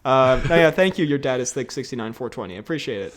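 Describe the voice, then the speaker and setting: A man's voice: medium pitch, animated, fast. A young man co-hosting a podcast in casual chat, joking around and laughing often. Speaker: podcast co-host.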